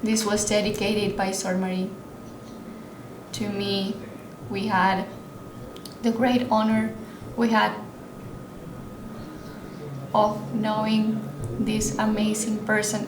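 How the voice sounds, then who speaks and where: A tearful woman giving halting, apologetic closing remarks as a conference panelist. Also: medium pitch, level tone. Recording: roomy hall with background noise.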